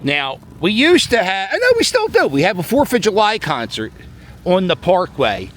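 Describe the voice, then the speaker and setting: A middle-aged Philadelphia man vlogs outdoors on a snowy city plaza, chatting and joking as he walks with a handheld camera. His fairly bright, high-pitched voice swings hugely in pitch while keeping a normal speed in this casual, rambling commentary.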